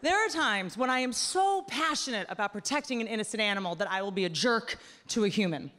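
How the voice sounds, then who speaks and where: Woman doing animated stand-up in a big hall. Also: on the high side, fairly quick. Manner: animated, self-deprecating storytelling. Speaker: stand-up comedian. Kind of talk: stand-up comedy set. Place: large theater stage with audience. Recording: long hall reverb, faint room ambience.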